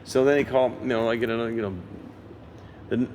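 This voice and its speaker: A man in his sixties, a session guitarist giving an interview, telling an anecdote with lively energy and acting out other people's lines. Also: medium pitch, fast talker, slight background noise. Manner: lively raconteur who acts out others' lines. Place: museum interview set.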